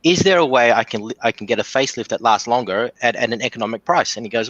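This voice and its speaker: A man's voice: mid-range voice, fast talker, few pauses, a bit bright, no room sound, muffled recording. A man telling rambling dirty jokes as a caller on a show, restarting his sentences often. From Australia. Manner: rambling storyteller, many restarts. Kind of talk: casual joke telling on a call-in show.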